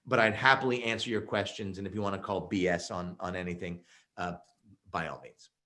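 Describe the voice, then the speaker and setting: A man's voice: deep voice, a little fast. A man giving a virtual keynote presentation, telling stories emphatically with lots of fillers. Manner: energetic, emphatic storyteller with many fillers. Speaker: keynote speaker.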